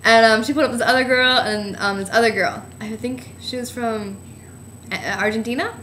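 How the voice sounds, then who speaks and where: A woman's voice: fairly high pitch, steady tone, normal speed, fairly bright tone, roomy sound, slight background noise. A young woman from New Jersey telling a trip story in a giggly, rambling way, full of "like". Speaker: vlogger. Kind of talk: casual storytelling.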